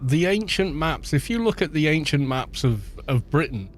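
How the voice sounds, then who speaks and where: A man's voice: on the high side, lively intonation, normal speed. A man with a North Welsh accent, a streamer chatting casually and rambling with frequent restarts. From North Wales. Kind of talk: casual chat.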